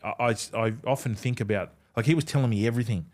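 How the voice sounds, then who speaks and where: Speaking quickly at a medium pitch with a slightly mellow tone, a middle-aged Australian former rugby league player guests on a podcast. His casual storytelling is full of swearing and acted-out lines from other people.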